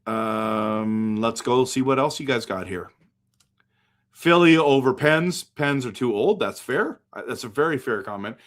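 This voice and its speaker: Chatty Canadian hockey streamer, thinking aloud. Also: male voice, mid-range voice, expressive, measured pace. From western Canada. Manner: chatty, thinks aloud, answers viewer comments. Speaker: hockey livestream host. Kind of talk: casual live-stream chat.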